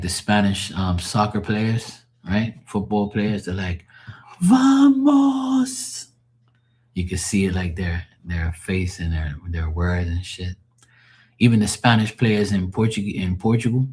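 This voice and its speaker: A man with a fairly low voice chats casually with his live-stream viewers as a tarot reader. He rambles and swears freely, often breaking into laughter. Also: a little mellow.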